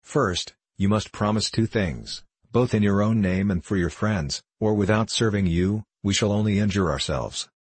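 A man's voice: fairly low pitch, moderate pace, hardly any pauses, slightly rough, no room sound. Man reading as a stern frontier scout. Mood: urgent. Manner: grave, commanding.

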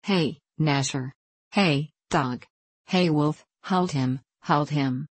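A woman reading an audiobook and voicing a cantankerous old male farm servant who shouts in thick rustic dialect. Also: low voice, slow pace, breathy edge, dry recording, exaggerated voice. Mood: agitated.

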